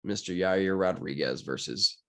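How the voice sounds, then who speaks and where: A young man from Pennsylvania chatting casually and jokingly about fight betting picks, with big swings in his delivery. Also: a little slow. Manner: animated, jokey, wide swings in pitch. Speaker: sports betting commentator. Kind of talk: casual solo betting talk.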